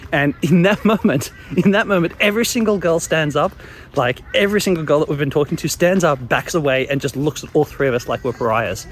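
A young man telling his own embarrassing stories in a casual, animated way, chuckling along as he goes. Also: on the high side, fast talker, background noise. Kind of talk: casual storytelling monologue.

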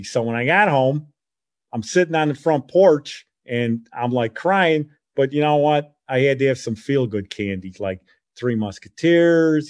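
A middle-aged man with a Chicago accent, telling a childhood story in a lively, casual way and acting out the voices of the people in it. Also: medium pitch. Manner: animated, acts out voices in his story. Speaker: podcast host.

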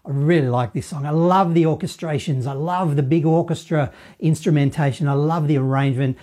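A man with an Australian accent teaches saxophone in a play-along music lesson, chatty and encouraging with some self-deprecating humor. His voice is a little high, fairly quick, and warm.

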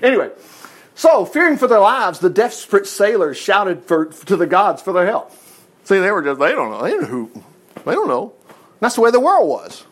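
Animated preacher man with lively pitch. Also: normal speed. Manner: animated and emphatic, asides and chuckles. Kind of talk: sermon.

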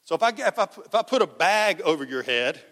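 Speaking fairly quickly and with lots of animation, this pastor has a high, somewhat bright voice. He delivers his sermon conversationally in an echoey hall, posing questions to the congregation and repeating words along the way.

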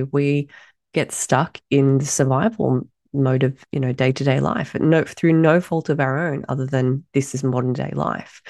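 A woman hosting a solo podcast, her voice husky and hoarse from a recent illness, talking in an enthusiastic, effusive, chatty way. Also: low voice, warm tone, no echo, studio quality. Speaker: podcast host.

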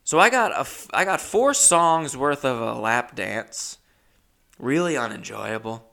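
A young man telling a comic story, animated, swinging from mutters to loud outbursts. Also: medium pitch, a little slow, gravelly. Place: Los Angeles area.

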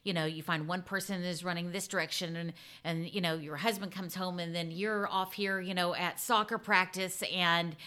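A woman's voice: on the low side, steady tone, normal speed, hardly any pauses, pushed and bright, clear, resonant tone. A woman talking frankly and with animation as an interview guest, laughing often. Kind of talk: casual interview chat.

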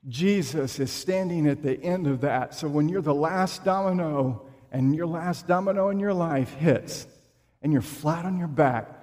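A man preaching a sermon in a church, slow and emphatic, with dramatic pauses. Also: a little high, a little mellow. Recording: long reverb of a large room.

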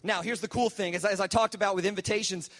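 A man preaching to teenagers as a youth pastor, animated and conversational. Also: high voice, fast, long reverb tail. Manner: animated, conversational preaching with mock-whiny asides. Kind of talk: sermon to teenagers.

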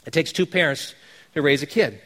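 A man's voice: fairly high pitch, a little fast, fairly bright tone, big-room sound. A man preaching a sermon, earnest and exhorting, often repeating phrases for emphasis.

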